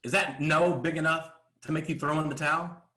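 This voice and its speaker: A man delivering a motivational coaching talk in a high, bright voice that swings widely in pitch. He drives his points home with rhetorical questions and stops now and then to clear his throat. The room around him rings with echo. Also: fairly even intonation, a little fast. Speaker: business coach.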